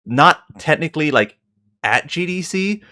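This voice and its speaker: A man's voice: fairly high pitch, animated, unhurried, pushed and bright. A man co-hosting a casual podcast, rambling through his account with many fillers and self-corrections. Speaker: podcast co-host.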